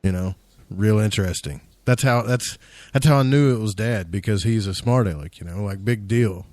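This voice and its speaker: Radio host guy, kinda low voice, dry close mic, tells stories and asks right? a lot. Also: moderate pace, darkish tone, dry recording. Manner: chatty, storytelling with "right?" and "you know". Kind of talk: casual radio interview.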